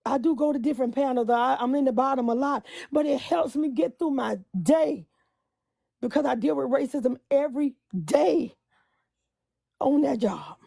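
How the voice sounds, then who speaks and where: A high-pitched woman with a deeply gravelly, fry-laden voice and a mellow, dark tone. She vents with passion into her phone, repeating herself and drifting into hummed hymn lines. The sound is dry and close. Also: moderate pace, no echo. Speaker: bus driver. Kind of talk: emotional venting on a live stream.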